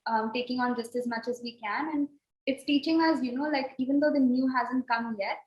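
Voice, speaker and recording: A podcast co-host with a high, fairly quick voice wraps up an episode over a video call, warm, grateful and rambling with fillers. The call audio is echoey, dull and lo-fi.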